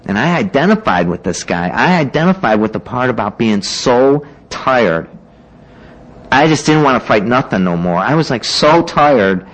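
A man's voice: medium pitch, animated, moderate pace, poor audio. A man casually telling his own recovery story to a meeting, rambling with lots of "you know" and "like" and acting out what other people said.

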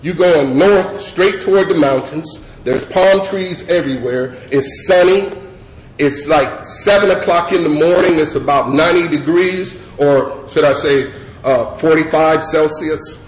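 A middle-aged man from California telling a rambling, laughing personal story to a crowd, full of fillers. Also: measured pace. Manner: loose rambling storyteller, many fillers, breaks into high laughing voice. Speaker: speaker sharing recovery story. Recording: echoey room with crowd noise.

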